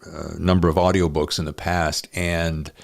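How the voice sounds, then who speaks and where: Deep-voiced male podcast host. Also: little pitch movement, creaky. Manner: deliberate, measured, with frequent fillers. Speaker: audiobook narrator. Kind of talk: conversational interview.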